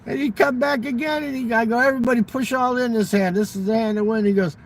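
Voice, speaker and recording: A man's voice: extremely high pitch, steady tone, fast. A man in casual chat, animatedly telling profane stories and acting out the dialogue. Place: fast-food restaurant.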